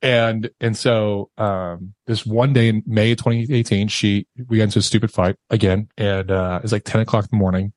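A man's voice: lowish voice, fairly even intonation, normal speed, hardly any pauses, a little mellow, dry recording. A man, a podcast guest, telling a raw, emotional personal story and swearing casually as he talks.

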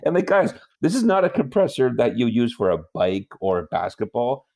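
A man's voice: medium pitch, very animated, a little fast, warm tone. A man co-hosting a podcast, telling an exasperated story in casual chat and laughing often. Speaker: podcast co-host.

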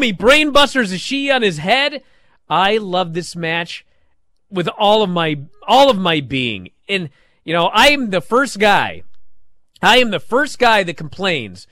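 A man on a podcast, chatting excitedly and acting out moments with shouted yells. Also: high voice, normal speed, no room sound, clean studio sound. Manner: animated, acts out moves with shouted yells. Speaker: podcast co-host. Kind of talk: excited wrestling podcast chat. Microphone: studio microphone, close.

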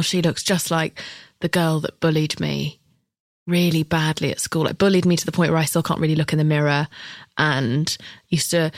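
A woman's voice: sits low, dry recording. Woman in her thirties, guest actress, blunt and profane, acts out every voice in her anecdotes; dry, close sound. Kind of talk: casual storytelling interview.

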